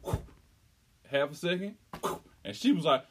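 A young man in casual podcast chat, an animated storyteller who breaks into laughter and squeaky acted-out lines. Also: moderate pace, slight background noise. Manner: animated, laughing storyteller, swings into high squeals when acting out stories. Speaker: podcast co-host.

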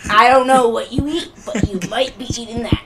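A woman's voice: a little high, normal speed, noisy background. A woman co-hosting a podcast, talking in a casual, argumentative way. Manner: animated, argumentative. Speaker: podcast co-host. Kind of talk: casual chat.

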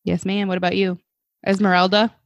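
A woman's voice: medium pitch, level tone, brisk, no echo. Candid, chatty woman podcast co-host. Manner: candid and chatty, laughs easily. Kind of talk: casual chat.

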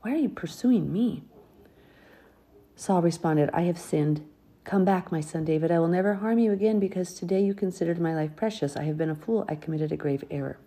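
A woman's voice: fairly low pitch, a little fast, warm tone, slightly rough. A woman reading a Bible passage aloud and stopping often to explain it in an earnest, chatty way. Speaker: Bible teacher.

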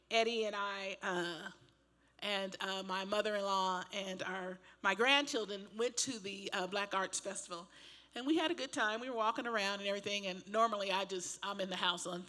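An older woman pastor preaching a sermon, telling a personal story in a chatty, animated way with laughs and asides. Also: mid-range voice. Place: church.

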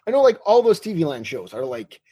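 A man's voice: fairly high pitch, sing-song, a crowd in the background. A man co-hosting a podcast, chatting casually and wryly about old TV shows. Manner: chatty, wry, quick asides. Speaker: podcast co-host.

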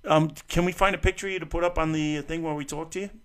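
A man's voice: a little high, steady tone, racing, fairly bright tone, a little hiss or hum. A man hosting a call-in show, talking to a caller in crude, teasing, blunt banter. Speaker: host.

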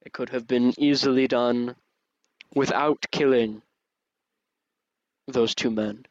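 A man voicing a majestic male dragon god with a deep, booming voice, speaking in slow, solemn, measured judgment. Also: fairly even intonation, no echo, dull audio, natural voice. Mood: stern.

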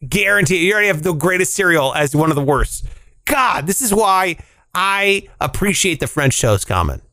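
A man co-hosting a podcast, reading out listener comments in casual chat, animated and jokey, swearing and leaping up in pitch when he argues. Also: moderate pace, dry recording.

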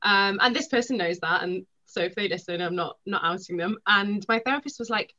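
A young woman, a podcast guest, talking quickly and animatedly, acting out the things people said. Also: medium pitch. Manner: rapid, animated storytelling with acted-out quotes. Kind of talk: podcast conversation. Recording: dull lo-fi sound.

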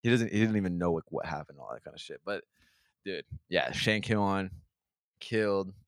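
A young man with a low voice tells a rambling, profanity-heavy story in casual podcast chat. He restarts sentences constantly and slips into quick impressions of the people involved. The sound is close and dry. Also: no echo. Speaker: podcast host.

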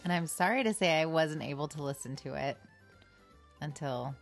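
A woman's voice: sits low, normal speed, vocal fry, soft background music. A woman co-hosting a podcast in casual chat, chiming in with short, eager interjections. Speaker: podcast co-host.

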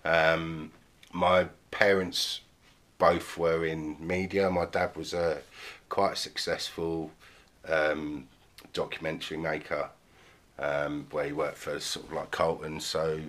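A man from southern England with a very low, deep voice and a fairly bright tone speaks as a podcast guest in casual interview talk. He rambles through his story, unhurried, with many ums, "sort of" and "like."

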